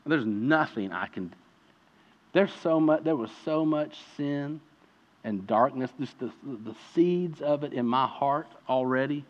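A man's voice: mid-range voice, lively intonation, measured pace. A man preaching a sermon as a pastor, telling a personal story and building to impassioned preaching. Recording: reverberant hall, dull lo-fi sound.

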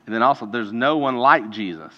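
A man's voice: medium pitch, expressive, fairly quick. A man preaching a conversational sermon as a pastor, talking casually and then building to emphatic peaks. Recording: dull lo-fi sound with long hall reverb.

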